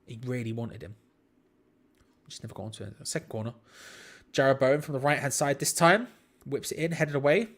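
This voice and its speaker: A man's voice: medium pitch, fairly quick, pauses often, a bit bright. A young man, hosting a live football watch-along with chatty, rambling commentary. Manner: chatty, rambling, self-deprecating. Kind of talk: casual live match commentary.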